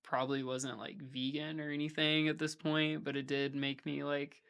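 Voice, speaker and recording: A man with a gravelly edge to a bright, forward voice talks in a loose podcast chat. He rambles through his thoughts and drops "like" into nearly every phrase. The tone stays clean and smooth under the rasp. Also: on the high side, flat delivery, normal speed. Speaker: podcast guest, hardcore vocalist. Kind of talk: casual conversation.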